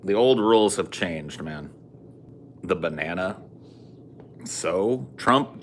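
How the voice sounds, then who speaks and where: A man hosts a casual streamed podcast chat, blunt and opinionated and swearing a lot. His voice is low and sharp-toned, with slight background noise behind it.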